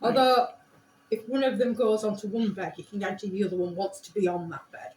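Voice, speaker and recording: A woman with a Yorkshire accent, a crafting teacher chatting, teasing gently and reassuring. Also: mid-range voice, fairly quick, a little hiss or hum. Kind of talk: casual chat. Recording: echoey room.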